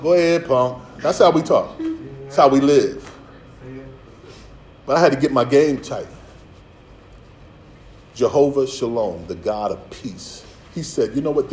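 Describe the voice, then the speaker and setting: A man's voice: a little high, mellow, roomy sound, rough recording. A man preaching a sermon as pastor, streetwise and playful, with asides and acted-out voices. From Philadelphia.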